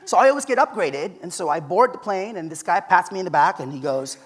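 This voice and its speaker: A man's voice: sits high, expressive, fast, few pauses, fairly bright tone. Man giving a storytelling keynote. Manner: conversational storytelling, emphatic. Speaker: keynote speaker. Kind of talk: conference keynote with personal stories. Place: conference stage.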